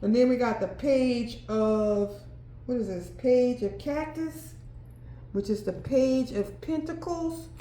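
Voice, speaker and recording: High-voiced woman doing an excitable tarot reading. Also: takes it slowly, roomy sound, slight background noise. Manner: thinks aloud, exclaims and laughs often. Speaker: tarot reader. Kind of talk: solo tarot card reading.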